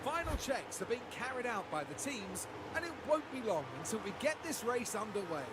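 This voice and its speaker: A man's voice: very high voice, big pitch swings, brisk. A man voicing an upbeat racing commentator who builds anticipation in a video game's race coverage. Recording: game audio with loud track noise.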